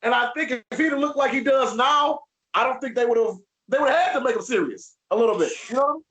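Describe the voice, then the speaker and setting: Very high-voiced podcast host. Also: male voice. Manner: relaxed, calls guest "man", slow-paced questions. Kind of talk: casual interview chat.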